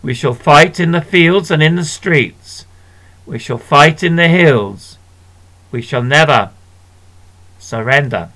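A man's voice: a little high, animated, slow pace, pauses often, fairly bright tone, poor audio. A man voicing an older wartime prime minister giving a grave, declaiming speech in a storybook reading. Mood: defiant.

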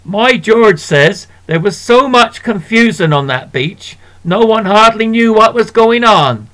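A man's voice: high voice, lively intonation, unhurried, a bit bright, voice pushed up. A man doing a hearty shopkeeper woman. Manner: hearty, reassuring. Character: motherly working-class shopkeeper woman, cheerful.

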